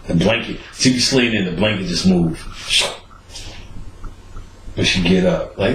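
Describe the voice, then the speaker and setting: A man's voice: lowish voice, normal speed, long pauses, slight background noise. A man hosting a show, giving a casual, profane rant and laughing between points. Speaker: host. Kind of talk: casual ranting monologue. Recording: roomy echo, faint background ambience.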